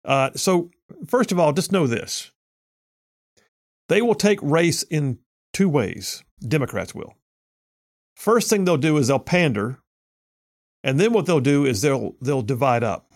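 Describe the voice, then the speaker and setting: A man's voice: a little high, big pitch swings, a little slow, pauses often, dry recording, studio quality. A man hosting a political talk radio show in an emphatic, folksy, sarcastic way. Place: radio studio.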